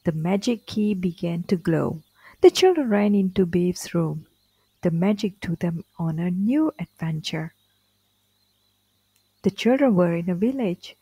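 A woman reads a children's storybook aloud at an unhurried pace. Her voice moves lively up and down in a middle pitch. The sound is dry and close. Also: no room sound, poor audio. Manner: slow, clear and expressive. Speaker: storybook reader.

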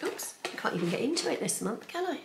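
A woman's voice: fairly high pitch, fast talker, heavy background noise. Gushing woman unboxing. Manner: gushing, excitable, talks to viewers as folks. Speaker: sewing vlogger. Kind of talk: chatty unboxing vlog. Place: home sewing room.

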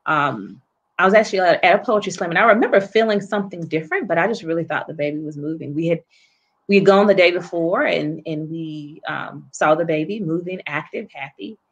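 A woman guest telling a painful personal story in an interview, speaking softly and haltingly with many pauses and restarts. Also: fairly low pitch, breathy edge, dull audio. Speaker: guest author and poet.

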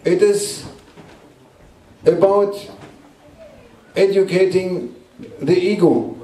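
Male Sufi sheikh, sermon, halting repeated lines, distant roomy recording. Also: high voice, steady tone, warm tone. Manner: repeats short emphatic phrases, halting non-native English. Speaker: Sufi sheikh teaching a gathering. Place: indoor gathering room at a guesthouse. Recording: roomy echo, distant mic.

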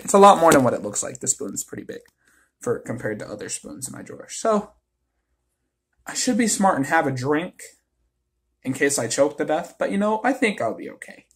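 A young man in his late teens talking casually to camera at home, blunt and quick to swear. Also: on the high side, creaky, breathy edge. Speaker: vlogger. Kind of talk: casual vlog talk to camera. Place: at home, near a kitchen sink.

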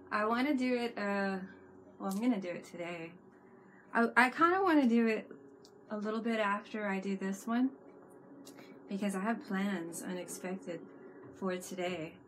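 A woman's voice: medium pitch, normal speed, pauses often, a little hiss or hum. A woman hosting a casual live stream from home, playful and teasing and laughing often. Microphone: webcam mic with fisheye lens.

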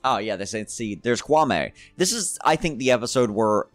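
A man's voice: mid-range voice, lively intonation, normal speed, soft background music. A man from the American South doing sarcastic, profane comedic commentary as a video reviewer. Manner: sarcastic, profane, laughs often.

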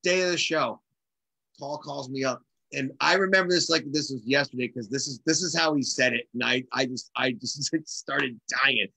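A middle-aged man, a drummer, telling a story in casual conversation and acting out the quotes with animated energy. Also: mid-range voice, normal speed, gravelly, breathy edge, no echo, poor audio. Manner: animated, acts out quotes in lively voices. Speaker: guest drummer.

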